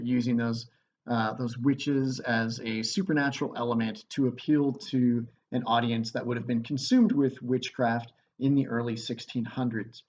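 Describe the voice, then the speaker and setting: A man teaching a literature lesson in a relaxed, chatty way, recorded on a computer mic. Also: mid-range voice, highs cut off.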